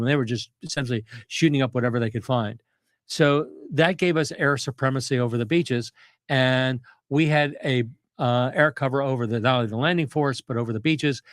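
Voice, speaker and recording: Recorded close and dry without any room sound, an older guest historian who is a retired Navy captain talks at length about history. His voice is an ordinary middle pitch, and his detailed, conversational explanations wander, looping back with fillers and restarts.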